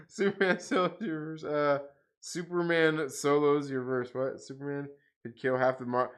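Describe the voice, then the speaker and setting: A man's voice: on the high side, steady tone, measured pace, a bit bright, clear, resonant tone. A man hosting a casual livestream, swearing a lot, laughing and ranting at chat comments with lots of repeats. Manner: profane, laughing, repetitive ranting. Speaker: livestream host.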